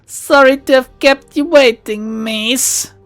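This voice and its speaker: A woman's voice: on the low side, animated, very slow, smooth, soft background music, full character voice. A woman voicing a polite, cultured male rigger in a video game, putting on a mock Russian accent while reading his dialogue aloud. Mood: courteous.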